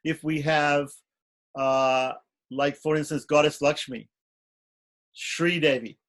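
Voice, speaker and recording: A man with a somewhat raised pitch teaches a class on ritual. He explains patiently and step by step, and breaks into short chanted mantras as he goes. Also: level tone, slow, fairly bright tone. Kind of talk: online class lecture.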